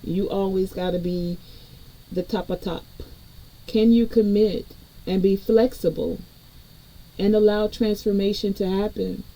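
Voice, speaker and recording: Brief: woman spiritual reader, very mellow dark tone, chatty and direct with viewers. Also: medium pitch, steady tone, a little slow, pauses often, poor audio. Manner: conversational, addresses viewers directly. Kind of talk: collective spiritual reading.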